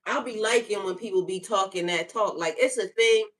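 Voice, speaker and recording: A woman spiritual coach on a live stream, chatting casually with viewers and slowly repeating affirmations. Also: medium pitch, fairly bright tone.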